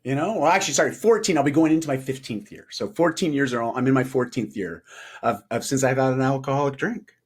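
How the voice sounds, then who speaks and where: A middle-aged man telling a personal story as a podcast guest, animated, laughing often and acting out quoted dialogue. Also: mid-range voice, fast talker, slightly rough. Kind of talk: storytelling in a casual interview.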